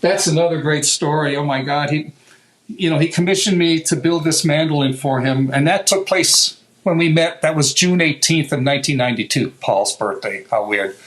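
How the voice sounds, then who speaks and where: A middle-aged guitar maker, a man, telling lively stories in an interview, acting out what others said and laughing often. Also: a little high, normal speed, rough recording. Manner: animated anecdotal telling, acts out quoted voices, laughs often. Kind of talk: storytelling interview.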